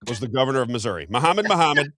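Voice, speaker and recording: A man hosting a political commentary show, talking at a rapid clip in a middle-pitched voice. He is heated and keeps tripping over his words and restarting his sentences. The sound is dry and close. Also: sing-song, sharp tone, no echo. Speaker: talk show host.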